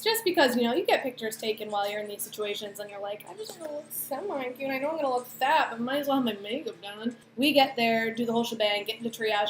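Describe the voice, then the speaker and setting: A young woman in her twenties telling a personal story to camera, chatty and animated, with lots of fillers and acted-out quotes. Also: fairly high pitch. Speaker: vlogger. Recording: echoey room, faint background noise.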